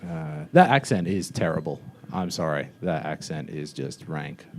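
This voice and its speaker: A man's voice: very deep voice, expressive, moderate pace. Offhand man roasting on stage. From Australia. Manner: mocking, offhand delivery with many fillers. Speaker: roast battle comedian. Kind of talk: stand-up roast routine. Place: comedy club stage.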